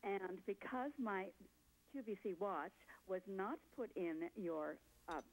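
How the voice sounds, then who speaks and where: A woman calling in to a shopping channel, chatty and gushing, with halting speech. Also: mid-range voice, expressive, rough recording. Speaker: phone-in caller. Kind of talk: casual chat on a call.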